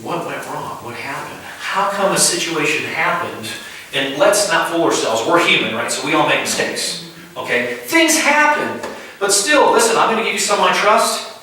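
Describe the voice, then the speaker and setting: Animated man preaching in an echoey room. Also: on the high side, moderate pace, a little hiss or hum. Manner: animated, acts out little scenes, asks the room. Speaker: pastor. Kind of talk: informal sermon with skits. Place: house church room. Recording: echoey room, mic far off.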